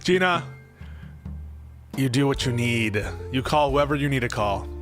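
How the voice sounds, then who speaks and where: A man's voice: medium pitch, animated, a little slow, soft background music. A young man streaming casual political commentary. He thinks aloud, answers his chat, and grows emphatic when he argues.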